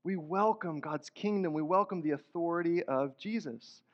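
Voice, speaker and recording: A man's voice: a little high, moderate pace. A man preaching a sermon as pastor, earnest and conversational, with rising emphatic bursts. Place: church sanctuary. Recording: dull sound in a hall with long reverb.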